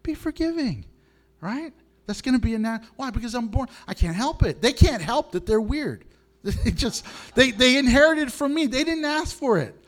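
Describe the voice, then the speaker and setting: A middle-aged man preaching a sermon to his congregation in an animated way, laughing often and swinging between low and high tones. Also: moderate pace. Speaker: pastor.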